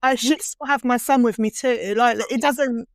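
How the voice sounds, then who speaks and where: A young adult woman hosting a casual podcast conversation about baby loss, speaking candidly and getting animated when frustrated. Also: fairly high pitch, moderate pace, dry recording, clean studio sound. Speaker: podcast host.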